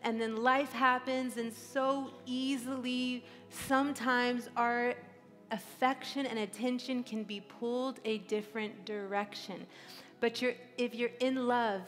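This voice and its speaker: A woman's voice: a little high, fairly bright tone. Tearful woman preaching in a hall. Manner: emotional, tearful, earnest preaching. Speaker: pastor. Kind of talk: sermon. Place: large church hall. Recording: live church hall reverb.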